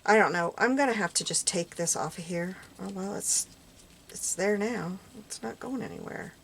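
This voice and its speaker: Gravelly woman murmuring through a craft vlog. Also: mid-range voice, normal speed, a bit bright. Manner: musing aloud while working, often dropping to a murmur. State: losing her voice. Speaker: craft vlogger. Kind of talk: casual crafting walkthrough. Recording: clear background noise.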